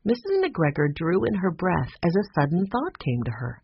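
A narrator reading a children's story aloud in an expressive, animated way, in a dull lo-fi recording. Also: mid-range voice, normal speed, gravelly, a little hiss or hum. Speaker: audiobook narrator.

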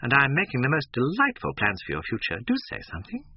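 Sybil, a husky lovestruck young actress, as a man puts her on. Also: mid-range voice, huge pitch swings, fast talker, no room sound, muffled recording. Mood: pleading. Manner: gushing, breathless rapture.

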